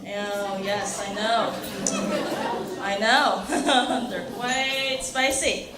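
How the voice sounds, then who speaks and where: High-voiced woman doing stand-up. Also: fairly even intonation, recorded from a distance, a loud crowd. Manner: chatty, halting, many fillers and laughs. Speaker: stand-up comedian. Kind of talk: stand-up comedy set. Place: comedy club stage. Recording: echoey club room with noise.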